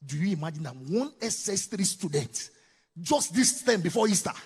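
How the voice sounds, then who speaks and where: A man with a Nigerian accent giving a preaching-style talk on parenting, swinging from loud exclamations to low asides. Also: big pitch swings, normal speed, husky. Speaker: parenting speaker. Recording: long hall reverb.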